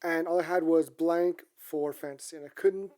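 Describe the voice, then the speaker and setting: A woman co-hosting a podcast in casual chat, halting and repeating words as she searches for them. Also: deep voice, fairly even intonation, warm tone. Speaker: podcast co-host.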